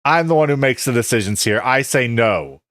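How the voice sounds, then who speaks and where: A man streaming a video game, chatting with his viewers and reacting out loud, laughing often. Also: medium pitch, animated, normal speed, no echo, clean studio sound. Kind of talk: live-stream game commentary.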